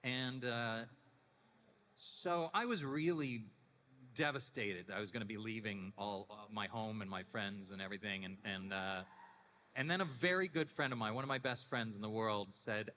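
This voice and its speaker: A Canadian voice actor in his fifties, appearing as a guest at a convention panel, tells anecdotes casually in a deepened, relaxed voice, restarting often at a normal speed. The convention hall is echoey, with a little hiss or hum on the recording.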